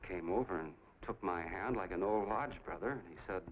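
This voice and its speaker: An actor as a chatty small-town soda jerk. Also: male voice, sits low, brisk, lightly acted. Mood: eager. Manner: chatty, rambling storyteller. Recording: tinny 1940s film soundtrack, faint hiss.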